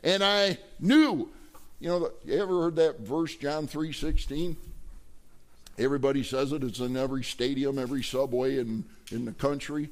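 A man preaching a sermon as pastor, emphatic, asking the congregation questions and leaping higher when he voices others. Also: normal speed. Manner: emphatic, rising to high pitch for quoted voices.

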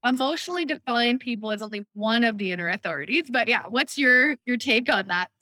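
A woman with a bright, forceful, slightly high voice explains spiritual concepts in an upbeat, conversational podcast style. The sound is dry and close, with no room around her, and she keeps checking in with the listener as she goes. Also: animated, fairly quick, no room sound. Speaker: human design reader, co-host. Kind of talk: casual podcast chat, explaining.

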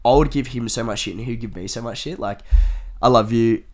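Young man, podcast host, casual storytelling, animated, swears a lot, middle pitch. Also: brisk. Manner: animated, swears freely, acts out quotes.

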